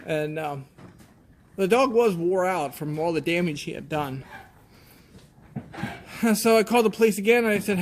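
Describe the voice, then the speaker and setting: High-voiced plainspoken farmer man. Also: slight background noise. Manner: plainspoken, halting, shaken retelling. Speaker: goat farmer. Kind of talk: casual storytelling.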